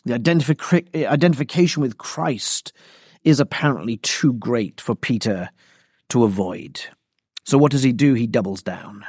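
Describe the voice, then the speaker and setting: A man preaching an expository sermon, deliberate and emphatic. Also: medium pitch, darkish tone, husky, no echo, clean studio sound.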